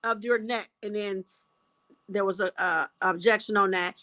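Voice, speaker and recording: A woman's voice: mid-range voice, steady tone, normal speed, pushed and bright. A woman recapping court testimony from her notes in a casual way. She often stops herself to find her place.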